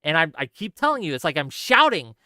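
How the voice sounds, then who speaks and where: A man's voice: fairly high pitch, sing-song, a little fast, pushed and bright, no room sound, clean studio sound. A man hosting a livestream political commentary show, ranting sarcastically and exasperated at his viewers and reading their chat. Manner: talks straight to viewers, reads chat.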